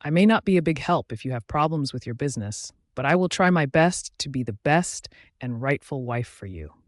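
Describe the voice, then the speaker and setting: A man's voice: medium pitch, animated, fairly quick, dry recording, clean studio sound, lightly acted. A man voicing an earnest young woman, a new bride who talks in a pleading, soothing way in an audiobook.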